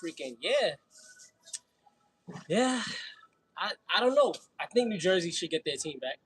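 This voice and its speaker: Husky Brooklyn guy chatting mid-workout. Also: high voice, sing-song, measured pace, a bit bright, poor audio. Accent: New York. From Brooklyn, New York. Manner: slangy, laughing, chatty between sets. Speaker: fitness livestream host. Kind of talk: casual livestream chat while working out.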